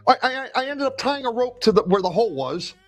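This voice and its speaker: A man from New Jersey on a casual podcast, an animated storyteller who acts out his family in quotes. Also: very high-pitched, fast talker. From New Jersey, USA. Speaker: podcast co-host.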